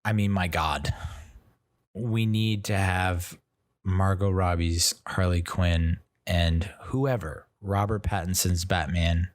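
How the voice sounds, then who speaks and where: A young man with a deep, low-pitched voice chats casually about films. He rambles, stops and restarts sentences, and leans on fillers as he talks. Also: fairly even intonation, takes it slowly. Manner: rambling, filler-heavy, self-interrupting. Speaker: podcast host reviewing movies.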